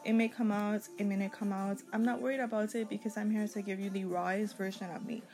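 A woman's voice: mid-range voice, little pitch movement, fast, a little mellow, poor audio. A young adult woman with a Caribbean accent, hosting a casual solo podcast in a rambling, chatty, candid way. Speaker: podcast host.

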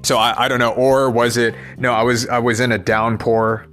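A man's voice: mid-range voice, little pitch movement, normal speed, fairly bright tone, faint music behind. A man thinking aloud in a rambling personal monologue, restless and swearing as he questions himself.

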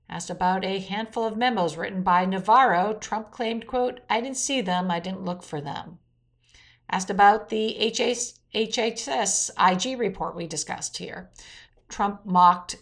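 A woman hosting a weekly news roundup, reading out quotes and adding blunt opinion asides. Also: medium pitch. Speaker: news commentary host.

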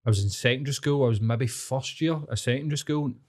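A Scottish man in his thirties chatting casually, swearing freely and telling stories with animated energy. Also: medium pitch, fast. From Scotland. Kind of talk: casual chat.

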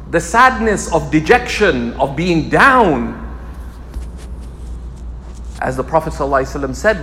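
A man teaching a religious lecture, expressive and repeating key phrases for emphasis. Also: high-pitched, in a large hall, a little hiss or hum. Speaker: Islamic scholar teaching. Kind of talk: lecture sermon.

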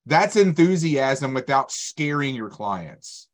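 A man's voice: mid-range voice, very animated, takes it slowly. A man with a middle-range voice explains his point earnestly. He speaks plainly and steadily. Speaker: speaker in a group discussion.

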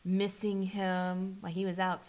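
A woman in a candid, casual conversation, telling her story with frequent false starts. She gets animated and lifts her voice when acting out what was said. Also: measured pace, a crowd in the background. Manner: animated, acts out quotes with rising pitch, restarts often.

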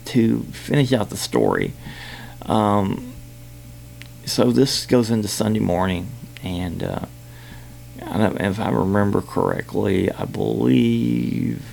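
A man hosting a podcast, telling a personal story in a halting way with many fillers and restarts. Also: lowish voice, lively intonation, vocal fry, darkish tone. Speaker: podcast host.

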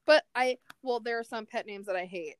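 A woman co-hosting a casual chat, reading out poll results and reacting in an animated way. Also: on the high side, fairly quick, clear, resonant tone, dry recording.

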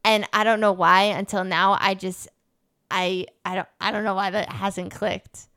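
A young woman co-hosts a podcast, chatting casually and rambling with plenty of fillers and restarts. Her medium-pitched voice stays level and unhurried, sounding bright, forceful, clear and resonant.

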